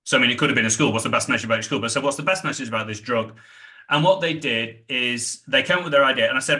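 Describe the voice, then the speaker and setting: A middle-aged British man, a sales trainer, telling animated stories in a podcast interview and acting out the dialogue. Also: medium pitch, quick pace. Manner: animated anecdotes, acts out quoted dialogue.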